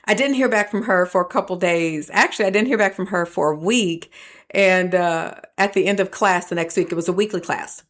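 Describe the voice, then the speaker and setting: A woman with a lowish voice speaks in a reflective podcast monologue. She tells personal stories and shifts into animated voices when she quotes people. She sounds like a professor sharing lessons with listeners. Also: brisk.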